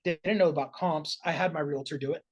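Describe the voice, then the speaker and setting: A man's voice: fairly high pitch, fairly even intonation, fairly quick, a little mellow, breathy edge. A man chatting casually on a podcast as a real estate investor, often tagging his points with "right?" and restarting phrases. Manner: conversational, frequent "right?" tags and restarts.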